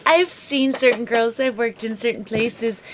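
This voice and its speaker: A woman's voice: fairly high pitch, unhurried, noisy background. A woman co-hosting a casual chat show, talking chattily with frequent giggles and "like" fillers. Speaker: co-host.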